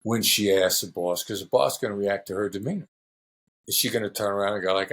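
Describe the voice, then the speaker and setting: A middle-aged man who used to be a hostage negotiator answers interview questions, telling stories in a relaxed way and acting out the voices he quotes. His pitch is fairly low and he talks fairly quickly.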